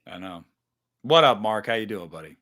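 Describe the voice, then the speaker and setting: A man talking casually about horror films, swearing freely and acting out scenes, jumping into loud bursts. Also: lowish voice, moderate pace. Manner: animated, swearing, acts out movie scenes with sudden loud jumps. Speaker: podcast host. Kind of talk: casual movie chat.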